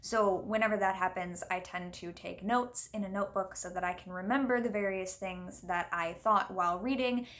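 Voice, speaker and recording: A woman talks through a book she loved in a casual vlog. Her voice sits at a middle pitch, and her manner is chatty and earnest. She explains at length with little asides and lifts her voice on the words she stresses. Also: fairly even intonation, normal speed, hardly any pauses, a bit bright. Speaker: witchcraft book reviewer.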